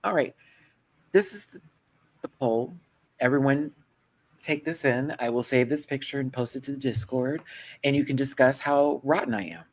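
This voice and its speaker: A man hosting a casual panel chat, sassy and animated, with quick asides. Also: mid-range voice. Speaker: host.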